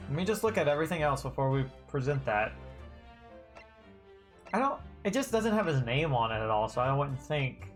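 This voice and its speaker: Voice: mid-range voice, big pitch swings, moderate pace, faint music behind. A streamer chatting casually while playing a game, rambling and correcting themself. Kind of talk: casual let's-play commentary.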